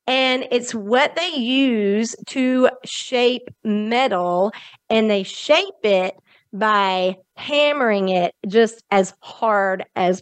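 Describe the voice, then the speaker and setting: Slow, earnest woman podcast host. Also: on the high side, clean tone, no room sound. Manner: heartfelt and earnest, speaks directly to listeners. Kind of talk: faith-based motivational talk.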